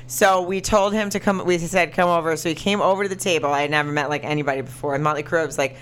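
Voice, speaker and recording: A woman in her thirties, co-hosting a podcast, telling a story in a casual chat. She laughs a lot and jumps up high when she quotes people. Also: quick pace, smooth. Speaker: podcast co-host.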